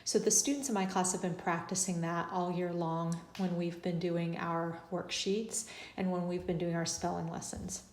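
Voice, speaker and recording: A woman's voice: fairly low pitch, flat delivery, darkish tone. A woman first grade teacher explaining to parents, step by step, how to break words into syllables. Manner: patient, slow, modeling each step aloud. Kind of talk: instructional tutorial for parents.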